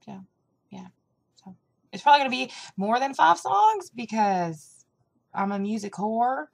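A woman's voice: a little high, expressive, measured pace, gravelly. A young woman with a Southern country accent, rambling through a casual vlog with plenty of fillers and a hyper, caffeinated energy. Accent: American Southern country. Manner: chatty and rambling, with lots of fillers. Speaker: vlogger. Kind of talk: casual chat.

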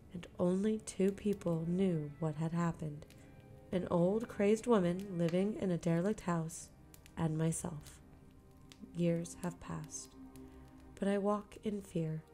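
A woman reads a horror story aloud in the first person, in a slightly low voice. Her delivery is tense and dramatic, dropping to a hush in the darker passages. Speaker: narrator. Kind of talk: scripted horror story narration.

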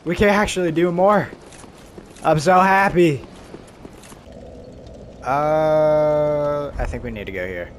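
A man giving excitable let's-play commentary who yelps and shouts during fights. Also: a little high, takes it slowly, long pauses. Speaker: game streamer. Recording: noisy game audio behind the voice.

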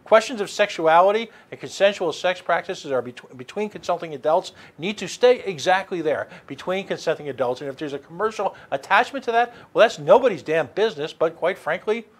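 A man's voice: sits high, expressive, brisk, hardly any pauses. A man hosting a radio talk show, speaking animatedly with many restarts and sarcastic asides. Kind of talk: casual political talk.

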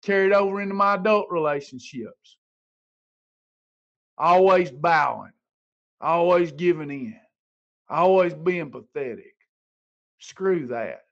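A man's voice: on the high side, lively intonation, slow, creaky, pauses often, muffled recording. A man giving a motivational livestream talk, preachy and emphatic, hammering home points by repeating his phrases. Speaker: motivational speaker.

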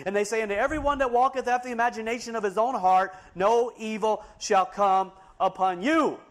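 A man preaching a fiery sermon, swinging between loud, emphatic declarations and hushed, quiet asides. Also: sits high, fairly quick.

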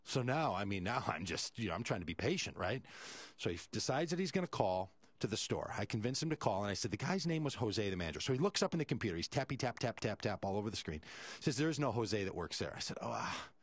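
A man's voice: on the low side, very animated, quick pace, no echo. A male radio host, telling a story animatedly and acting out the quoted voices.

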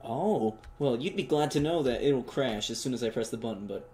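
A young man doing joking let's play commentary, reacting loudly and talking in slang. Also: medium pitch, expressive, normal speed, faint music behind. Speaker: gamer.

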